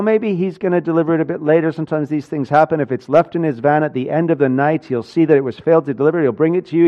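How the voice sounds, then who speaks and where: A man preaching a sermon, telling a personal story with animated swings between loud and hushed delivery. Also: on the high side, highs cut off. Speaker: pastor.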